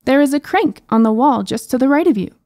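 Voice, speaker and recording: A woman's voice: high voice, lively intonation, quick pace, mellow, no echo, clean studio sound, pitched above the performer's own voice. A woman voicing a young noble princess in an audiobook, speaking in eager, formal old-style questions. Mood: helpful. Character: young noble princess, chatty and impatient, locked in a cage. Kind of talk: audiobook character voice.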